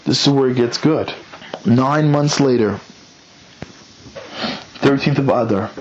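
A man casually retelling a story, bringing the quoted characters to life with changes in pitch and pace. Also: slow, dull audio, a little hiss or hum. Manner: lively, acts out quotes with shifting pitch and pace.

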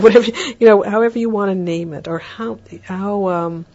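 A woman lectures on raising children in a relaxed, chatty way, now and then slipping into a sing-song voice to show what a parent might say. Her voice sits low and sounds mellow and a bit husky. The recording is dull and lo-fi. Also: normal speed, hardly any pauses. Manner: warm, chatty, acts out parent lines in a lilting higher voice. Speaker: parenting educator.

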